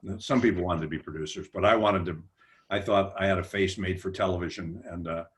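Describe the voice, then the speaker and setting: Older male humor writer, very low voice, rambling self-deprecating anecdotes on a panel. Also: steady tone, a little fast, fairly bright tone. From United States. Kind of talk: relaxed anecdotal storytelling.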